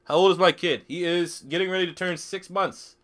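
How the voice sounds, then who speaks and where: A young man streaming a football video game speaks fairly quickly in a high, fairly bright voice with a steady tone. Casual and joking, he swears freely and reads viewers' chat questions out loud.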